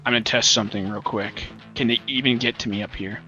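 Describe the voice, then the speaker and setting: A man's voice: mid-range voice, steady tone, quick pace, dull audio, music in the background. Joking, swearing man playing a game. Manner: profane, joking, rambling. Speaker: let's play host. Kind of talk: casual gameplay commentary.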